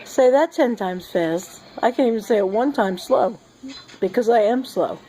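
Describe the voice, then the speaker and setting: Sick middle-aged woman, mellow voice, slap-happy rambling vlog chat. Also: a little high, moderate pace, low-quality recording. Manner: giddy and rambling, laughing often. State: sick and short of breath. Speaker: vlogger. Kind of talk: casual rambling monologue. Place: sitting at home.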